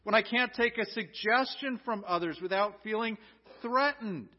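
A man's voice: sits high, moderate pace. An American man and pastor preaching a sermon earnestly, asking rhetorical questions and often restarting his sentences. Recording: dull lo-fi recording.

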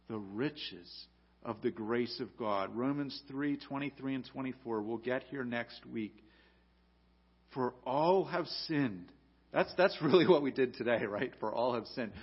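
A pastor preaches a sermon, climbing to loud, emphatic peaks and then dropping to quiet, low lines. His voice is slightly rough, and the recording's highs are cut off.

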